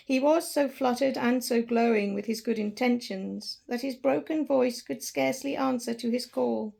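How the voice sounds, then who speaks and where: A woman narrating a classic story with an expressive, dramatic reading. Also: fairly high pitch, normal speed, gravelly, few pauses.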